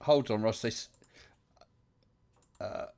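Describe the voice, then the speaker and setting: A man's voice: fairly low pitch, drawn-out words, gravelly, a little mellow. A man with an English West Country accent hosting a casual livestream chat, chatty and welcoming, with many fillers. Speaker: livestream host.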